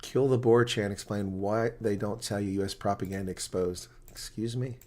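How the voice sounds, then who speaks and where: A man's voice: lowish voice, fairly even intonation, normal speed, warm tone. Chatty man rambling on a live stream. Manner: rambling, chatty, reads viewer comments aloud. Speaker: live stream rugby commentator. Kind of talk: casual live-stream reaction chat.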